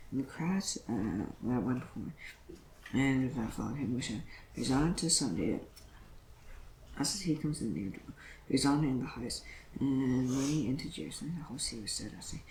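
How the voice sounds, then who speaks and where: A man reading scripture aloud in a plain, steady way, with occasional stumbles and self-corrections. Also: medium pitch, creaky, reverberant, a little hiss or hum, rough recording. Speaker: Bible reader.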